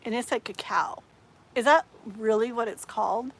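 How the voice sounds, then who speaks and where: A woman chatting casually on a live stream as a tarot reader, rambling and often sinking into soft murmurs. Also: a little high, normal speed, slightly rough, low-quality recording.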